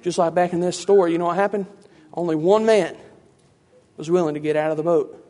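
A man's voice: fairly high pitch, steady tone, brisk, warm tone. A man preacher giving a teaching sermon in a conversational way, with many rhetorical questions.

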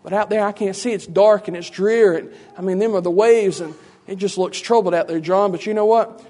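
A man's voice: high-pitched, fairly quick, dark tone. A man preacher giving a teaching sermon in a conversational way, with many rhetorical questions.

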